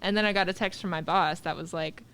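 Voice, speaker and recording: A woman's voice: fairly low pitch, fairly even intonation, quick pace, heavy background noise. A woman in her twenties, a podcast co-host, chatting casually and acting out kids' voices as she tells a story. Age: 20s.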